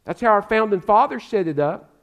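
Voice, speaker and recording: High-voiced impassioned male preacher. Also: lively intonation, brisk. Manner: impassioned, swings from loud exhortation to hushed pleading; addresses listeners directly as "friend". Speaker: pastor. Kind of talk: sermon.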